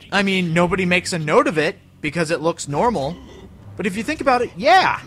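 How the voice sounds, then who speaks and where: A young man rambles and jokes his way through game commentary, his voice bright and fairly high. His pitch leaps around as he gets excited. A faint hiss sits under the recording. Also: fairly quick. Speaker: let's play commentator. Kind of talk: gameplay commentary.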